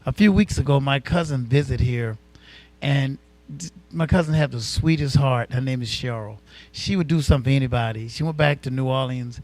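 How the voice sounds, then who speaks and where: A male talk show co-host telling a story in an animated, colloquial way. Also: medium pitch.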